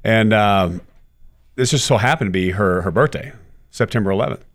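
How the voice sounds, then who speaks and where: A middle-aged man giving a candid interview, telling his stories with animated quoted dialogue and frequent cursing. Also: on the low side, moderate pace. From United States. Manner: animated storyteller, curses freely, acts out quotes. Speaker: guest, former baseball player.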